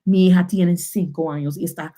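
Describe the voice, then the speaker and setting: A woman in her thirties teaching a lively online Spanish lesson from home, switching between English and Spanish. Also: fairly low pitch, fast talker. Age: 30s.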